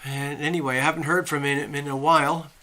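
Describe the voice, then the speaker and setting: A man's voice: on the high side, level tone, quick pace, pushed and bright. A man hosting a casual live stream, greeting viewers by name and rambling in a friendly, chatty way while he sets up at home. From USA. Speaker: livestream host. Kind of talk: casual live chat reading viewer comments.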